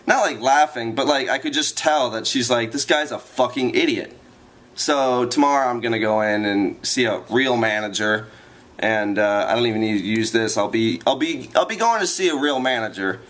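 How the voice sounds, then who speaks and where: A man's voice: mid-range voice, normal speed, a bit bright. A man ranting to his viewers in a vlog, rambling and exasperated, repeating himself as he vents. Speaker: vlogger.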